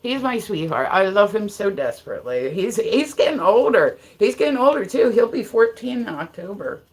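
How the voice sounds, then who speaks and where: A woman's voice: medium pitch, big pitch swings, moderate pace, darkish tone. A woman from Ohio chatting casually on a livestream, greeting viewers by name and swearing bluntly. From Ohio, USA. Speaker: livestream host. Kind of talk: casual live-stream chat.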